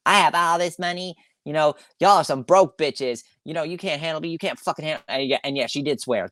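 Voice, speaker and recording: A man's voice: mid-range voice, no echo, studio quality. Rambling, swearing man on a solo podcast. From Long Island, New York. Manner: rambling, swearing, self-correcting, with sighs. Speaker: podcast host. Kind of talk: casual solo podcast rant.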